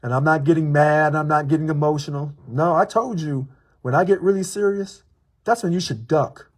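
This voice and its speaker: A man with a husky, slightly raised voice speaks as a union local president, addressing a public official in a measured sermon-like tone. He drives points home by repeating them and spacing his words deliberately. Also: on the high side. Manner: measured, preachy, repeats for emphasis. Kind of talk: direct-address video commentary.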